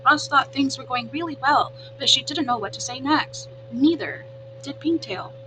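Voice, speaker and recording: A woman narrating a children's book aloud in a clear, expressive storytelling voice. Her pitch sits fairly high, and a steady humming noise runs under the recording. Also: normal speed. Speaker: teacher reading aloud.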